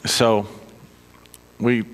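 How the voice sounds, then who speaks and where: Chatty man preaching in an echoing hall. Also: very slow. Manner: chatty and self-mocking, checks in with "right?". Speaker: minister. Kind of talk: conversational sermon with personal stories. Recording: long reverb of a hall.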